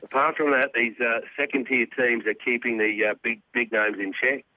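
A man's voice: medium pitch, steady tone, moderate pace, bright, forceful tone, dry recording, poor audio. A man with an Australian accent, a rugby commentator guesting on a podcast, chatting jovially and laughing as he talks. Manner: jovial, laughs while talking. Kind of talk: casual podcast banter.

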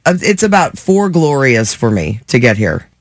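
A woman hosting a radio morning show, chatty and quick to laugh, often restarting her sentences. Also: a bass voice, very animated, dry recording, studio quality. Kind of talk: lively radio banter. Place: radio studio.

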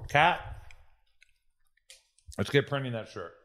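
A man's voice: mid-range voice, expressive, slow, a bit bright. A man hosting a podcast, telling rambling, profane stories in casual chat. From Los Angeles. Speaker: podcast host.

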